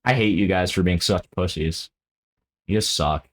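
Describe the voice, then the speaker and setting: A man's voice: deep voice, unhurried, slight background noise. A drunk man hosting a podcast, rambling and joking crudely in casual chat. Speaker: podcast host.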